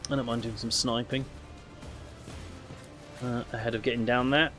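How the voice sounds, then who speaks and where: A man's voice: mid-range voice, flat delivery, moderate pace, a bit bright, faint music behind. A man chatting casually while playing a video game, laughing and tripping over names. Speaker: game streamer. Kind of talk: casual let's play commentary.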